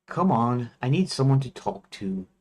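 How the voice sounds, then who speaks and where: A man reading the lines of a young princess who gently coaxes a shy mouse, in his own barely changed voice. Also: mid-range voice, very animated, moderate pace, slightly rough. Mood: coaxing. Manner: gentle coaxing, barely altered voice.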